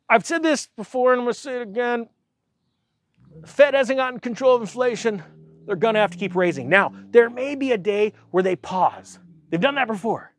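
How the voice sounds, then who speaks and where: A man's voice: sits high, expressive, moderate pace, no echo, studio quality. A man giving a casual, sarcastic rant about the economy, mocking others in silly voices. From United States. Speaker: finance commentator.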